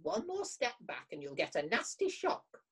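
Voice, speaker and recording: A woman's voice: on the high side, wildly swooping pitch, moderate pace, breathy edge, pitched above the performer's own voice, exaggerated voice. A woman doing a grumpy little hedgehog. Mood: irritated. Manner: snappish, grumbling.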